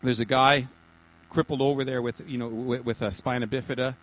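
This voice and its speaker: Halting, chatty man teaching a church group. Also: medium pitch, steady tone, fairly bright tone, low-quality recording. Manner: halting, many repeated words and restarts; chatty, jokey asides. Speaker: pastor teaching a small group.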